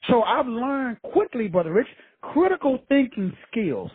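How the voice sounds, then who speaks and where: Host type: high, very raspy male voice, blunt and profane motivational talk, dry tinny phone-line sound. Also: big pitch swings, unhurried, no room sound. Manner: blunt, profane, streetwise preaching. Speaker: motivational speaker, show host. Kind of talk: casual motivational monologue.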